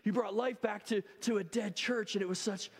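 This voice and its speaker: Man voicing enthusiastic apostle, high-pitched, eager repeated calls, long echo. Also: fairly even intonation, normal speed, creaky, breathy edge, exaggerated voice. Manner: eager, repetitive calls of "hey". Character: apostle Paul, bold, enthusiastic older man. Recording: long hall reverb.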